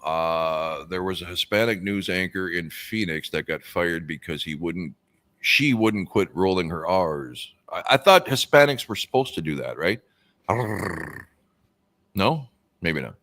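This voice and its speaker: Deep-voiced male stream host, rambling, casual, reads out chat. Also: lively intonation, moderate pace, fairly bright tone. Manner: rambling, musing aloud with many fillers.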